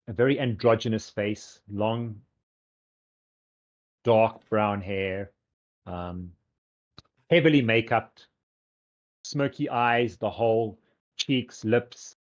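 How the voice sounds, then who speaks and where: A man's voice: lowish voice, dull audio. A man narrating as game master in a tabletop game, describing scenes loosely with plenty of fillers.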